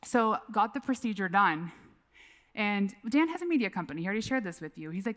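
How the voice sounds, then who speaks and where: A woman's voice: mid-range voice, expressive, brisk, a bit bright. A woman in her forties giving a keynote talk on a conference stage, telling a personal story in a candid, casual way and swearing freely. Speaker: keynote speaker.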